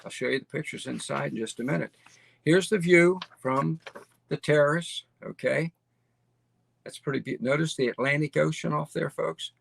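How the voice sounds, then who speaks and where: With a slightly bright, creaky voice on the high side, a middle-aged host speaks at a moderate pace over a faint hiss or hum. He presents a listing by screen share, casual and enthusiastic, frequently adding "okay?" and repeating points.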